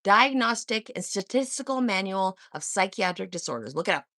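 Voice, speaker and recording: A woman hosts a live stream and argues straight at her viewers, confrontational and sarcastic, with swearing. Her pitch leaps up and down as she talks. The sound is dry and close, with no room echo. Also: lively intonation, brisk, fairly bright tone. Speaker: livestream host. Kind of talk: heated live-chat monologue.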